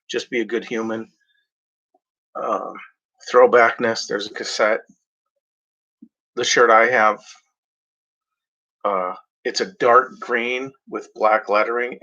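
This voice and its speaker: A man talking casually as a show host, halting with many fillers and restarts. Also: mid-range voice, sharp tone, dull audio. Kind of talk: casual rambling chat.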